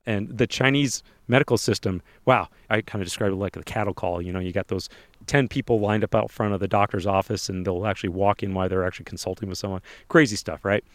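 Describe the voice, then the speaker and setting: A man co-hosting a podcast, telling a personal story in a casual interview and acting out other people's lines in quick little voices. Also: on the low side, fairly even intonation, no echo.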